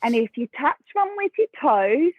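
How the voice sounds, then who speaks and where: Australian woman guest, animated storyteller, thin phone-line audio. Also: sits high, moderate pace, slightly rough, dry recording. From South Australia. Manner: lively storyteller, acts out quoted voices, laughs often. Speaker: podcast guest. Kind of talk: casual interview storytelling. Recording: thin phone-like dry sound.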